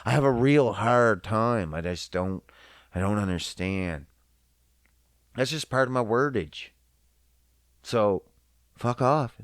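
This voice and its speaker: A man hosting a podcast, delivering a casual comedic rant full of profanity in an animated, mocking way. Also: on the low side, slow pace, long pauses, dry recording, clean studio sound. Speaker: podcast host.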